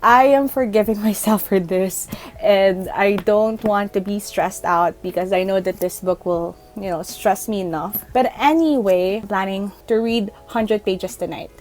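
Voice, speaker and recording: A woman's voice: medium pitch, measured pace, rough recording. Chatty young woman vlogging her reading. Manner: chatty, self-deprecating, animated. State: sniffly from allergies. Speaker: book vlogger. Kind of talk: casual reading vlog updates.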